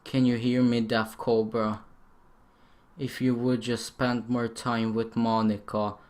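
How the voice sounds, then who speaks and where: A man reading a calm, unsettling female club president's lines aloud in a quiet, slow, hushed way. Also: mid-range voice, lightly acted. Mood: eerie, insistent.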